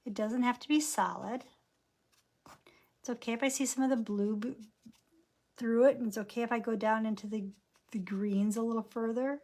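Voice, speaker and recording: A woman's voice: fairly high pitch, fairly even intonation, normal speed, pauses often, darkish tone. Chatty woman narrating a painting lesson. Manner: chatty, narrates each brushstroke aloud. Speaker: painting instructor.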